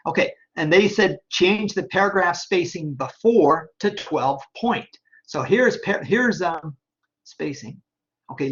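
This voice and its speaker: Bright-voiced man walking through a tutorial. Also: on the high side. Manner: step-by-step, checks in with "okay?" and "right?". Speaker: online instructor. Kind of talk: screen-recorded software tutorial. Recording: dull lo-fi screen recording.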